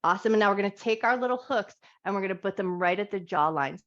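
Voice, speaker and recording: A woman teaching a live yoga class on a clip-on mic, giving soft, soothing guided cues. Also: mid-range voice, fast. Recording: dull lo-fi live class audio.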